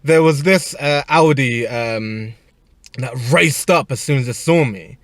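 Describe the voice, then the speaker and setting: A man's voice: medium pitch, unhurried, dry recording. Guy telling a long rambling story, keeps restarting, dry close sound. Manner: rambling, animated anecdote with frequent restarts. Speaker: personal trainer. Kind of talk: casual storytelling.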